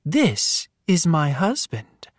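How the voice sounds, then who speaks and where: A cheerful teacher lady speaks sweetly and calmly, as a man reading a storybook puts her on. Her lines come slowly, with a close, dry sound. She is friendly and unflustered. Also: on the high side, husky, no room sound, heavily acted. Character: cheerful woman teacher, monster's wife.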